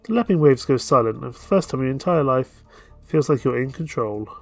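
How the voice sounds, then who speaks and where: A man's voice: medium pitch, expressive, fast, soft background music. A man playing a dating game on stream, reading its narration aloud and dropping playful, jokey asides.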